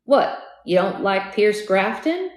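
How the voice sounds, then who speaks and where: A woman voicing a steady, softly teasing husband, putting on an accent for him. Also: high voice, slow pace, roomy sound, exaggerated voice. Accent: put-on accent. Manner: soft teasing.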